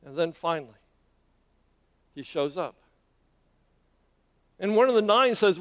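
A man with a high-pitched voice delivers a sermon, retelling a scripture story with drama. His delivery halts often, repeating words and leaning on fillers as he builds the scene. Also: expressive, measured pace, pauses often. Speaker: preacher.

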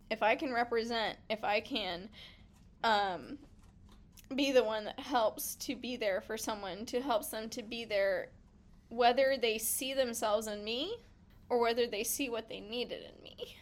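A middle-aged American woman, a pediatrician appearing as a podcast guest, speaks in a voice that runs a little high and bright. She offers a group a casual, heartfelt reflection that turns tearful at moments.

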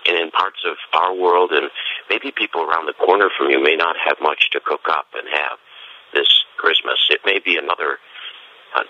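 A man, a friar, giving a gentle and musing Christmas homily in a scratchy voice, pausing often to reflect. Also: rumbling low, gravelly. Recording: dull lo-fi recording.

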